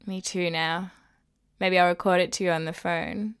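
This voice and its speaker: A woman playing a teasing lover with a gravelly voice. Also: lowish voice, steady tone, normal speed, close to an everyday voice. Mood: aroused.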